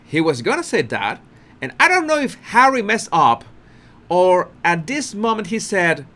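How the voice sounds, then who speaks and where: A man's voice: high-pitched, moderate pace. A man giving casual commentary on a video clip, repeating words and restarting often. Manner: repetitive, restarts often, animated with laughter.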